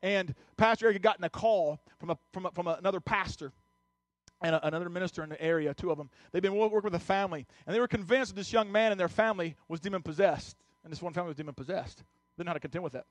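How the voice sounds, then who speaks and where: Racing along in a high voice, with no room sound, a male pastor delivers a sermon. His personal story builds into an urgent exhortation as his intensity climbs.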